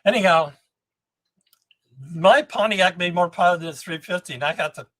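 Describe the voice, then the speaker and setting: A man in his seventies, a guest on a podcast, telling rambling, animated anecdotes about engine building and often restarting his sentences. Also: high voice, normal speed. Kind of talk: storytelling podcast interview.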